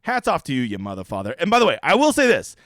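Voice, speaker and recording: A man talks through fantasy golf picks and contest choices in a loose, profane, casual way, full of quick asides. His voice sits a little high and he talks very fast. The sound is dry and close, with no room around it. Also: big pitch swings, fairly bright tone, no echo. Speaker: fantasy golf strategy host. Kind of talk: casual screen-share breakdown.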